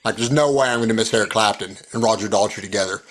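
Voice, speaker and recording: An animated man telling a story on a video call in a songwriting circle. He acts out each quote as he goes, in an easy casual way. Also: lowish voice, rapid-fire, slight background noise.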